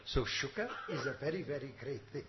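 A male Islamic teacher giving a sermon to students, mixing Arabic terms into his English and reciting verses quickly. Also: medium pitch, animated. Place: madrasa. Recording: dull lo-fi recording with faint hiss.

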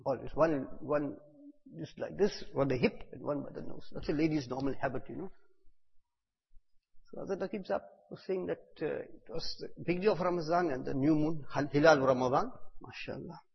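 A man with a husky voice in a higher register gives a devotional talk, telling stories and repeating phrases for emphasis. His words ring out through a large hall with a long echo, and the recording sounds dull and lo-fi. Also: a little fast. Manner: storytelling, repeats phrases for emphasis, bursts loud on key words. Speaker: religious teacher.

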